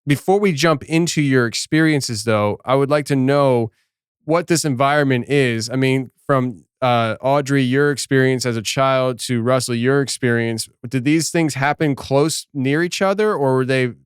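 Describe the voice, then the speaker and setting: A smooth, clear-voiced man from Philadelphia hosts a casual podcast interview, chatty and quick to laugh. The recording is dry and close, with no room sound. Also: medium pitch, dry recording. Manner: chatty, laughs often, repeats and restarts. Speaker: podcast host.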